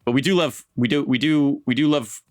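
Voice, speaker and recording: A man's voice: mid-range voice, fairly quick, no room sound. Dry-sounding man telling history. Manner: chatty storytelling with laughs and fillers. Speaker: podcast co-host. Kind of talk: casual history podcast chat.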